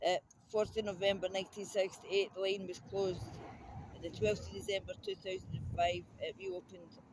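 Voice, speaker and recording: A man's voice: sits high, lively intonation, normal speed, background noise. A Scottish man chatting outdoors at a train station and listing dates one after another. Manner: reels off dates, short replies. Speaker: local passer-by. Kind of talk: casual chat.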